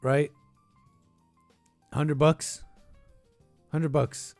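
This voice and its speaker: A man's voice: fairly high pitch, takes it slowly, pauses often, darkish tone, dry recording, faint music behind. Sarcastic rambling man on a dry mic. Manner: sarcastic, rambling, thinking aloud. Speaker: podcast host reacting to clips. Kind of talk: casual reaction commentary.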